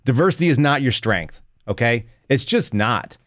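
A man's voice: medium pitch, lively intonation, normal speed, fairly bright tone, no echo, studio quality. A man in his thirties hosting an opinionated podcast, mocking and laughing often as he rants. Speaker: podcast host.

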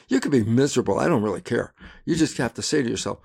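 An older man speaks with a gravelly, rough-edged voice at a middle pitch. He is a guest in a casual interview. He tells his anecdotes with animation, acting out voices and laughing along with them. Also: animated, quick pace, darkish tone.

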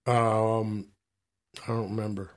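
Slightly hoarse Canadian man rambling. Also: fairly low pitch, flat delivery, takes it slowly. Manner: rambling, profane, restarts his stories. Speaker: podcast co-host. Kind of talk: casual comedic banter.

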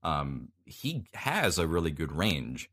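Podcast guest, male voice actor, very low voice, unhurried and chatty. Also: big pitch swings, fairly bright tone, slightly rough. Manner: laid-back, explains at length with many pauses. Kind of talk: casual podcast chat.

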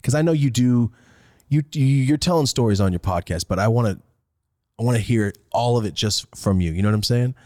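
A man's voice: mid-range voice, brisk, darkish tone, no room sound, studio quality. A male podcast host asking eager, repetitive questions in a casual interview.

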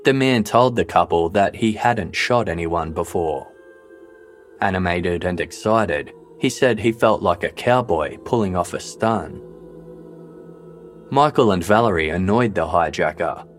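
A man narrating a true-crime story in a measured, scripted way. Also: low voice, animated. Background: faint background music.

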